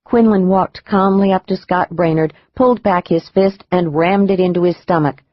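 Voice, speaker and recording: A man narrating a thriller audiobook in a measured, even manner. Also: sits high, no room sound, dull audio.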